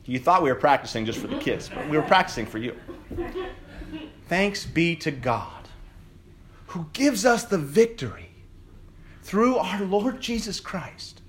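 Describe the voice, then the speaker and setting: A man preaching in a church, his fairly high voice leaping up and down in pitch. He moves between ringing, shouted declarations and quiet, playful asides to the congregation. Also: sing-song, unhurried, pauses often, a little hiss or hum. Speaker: pastor. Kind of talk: Easter sermon.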